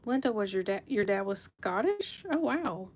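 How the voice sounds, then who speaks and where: A woman's voice: medium pitch, animated, moderate pace, slight background noise. A woman hosting a live jewelry sale stream, chatting casually with viewers by name and laughing often. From United States.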